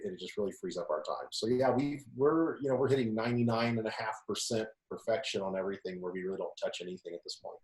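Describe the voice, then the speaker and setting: A man's voice: on the low side, darkish tone. A man, a photographer guest on a webinar, talking in a chatty, self-deprecating way over a video call. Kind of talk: webinar round-table discussion. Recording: echoey room.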